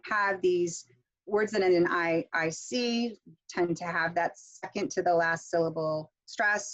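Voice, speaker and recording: A middle-aged woman leads an online pronunciation workshop, her voice a little low for a woman. She talks in a chatty way, with many fillers and restarts as she explains. The sound is muffled lo-fi video call audio. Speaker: pronunciation instructor.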